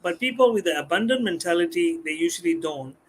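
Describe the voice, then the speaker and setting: A man, a guest speaking on a live stream, animated and repeating words as he explains. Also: high-pitched, quick pace, breathy edge. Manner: animated, acts out customers' voices, repeats words. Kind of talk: live-stream talk on communication skills.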